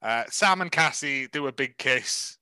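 A man co-hosting a casual podcast, recapping a film plot with jokes and quick asides. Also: medium pitch, animated, pushed and bright, clean tone, no room sound. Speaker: podcast co-host. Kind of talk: casual chat reviewing a film.

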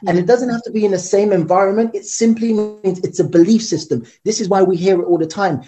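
Man guest, animated storyteller, dark mellow voice, quick delivery. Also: high voice. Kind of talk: storytelling interview talk.

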